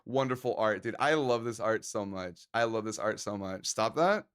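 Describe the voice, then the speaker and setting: A man's voice: on the low side, normal speed, fairly bright tone, clear, resonant tone. A man live-streaming and chatting casually with his viewers, joking around and laughing often.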